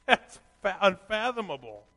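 A man preaching a sermon, reading scripture aloud and swinging from quiet reflection to loud, animated emphasis. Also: sits high, takes it slowly. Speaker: pastor. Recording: long hall reverb.

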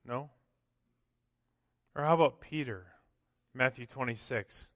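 A man's voice: mid-range voice, a little slow, long pauses, sharp tone, no room sound, in a large hall. A man preaching a sermon as pastor, conversational, often tossing in "right?" and acting out quotes. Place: church sanctuary.

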